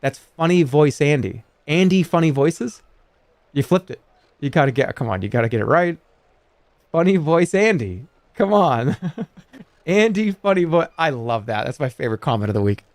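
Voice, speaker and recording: A man in his thirties chatting casually with his live chat, animated and jokey, swinging between loud outbursts and low mutters. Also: moderate pace. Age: 30s. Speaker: livestreamer.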